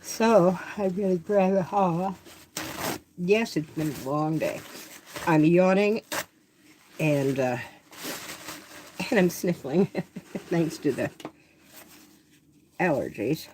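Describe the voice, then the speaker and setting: A woman's voice: lowish voice, takes it slowly, long pauses, darkish tone, slight background noise. An older woman artist who chats casually and talks to herself while she demonstrates drawing.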